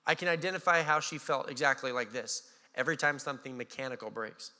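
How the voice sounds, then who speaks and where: A man with an American accent preaching a sermon as pastor, animated and acting out voices with a touch of sarcasm. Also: mid-range voice, quick pace. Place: church hall. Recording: church hall reverb.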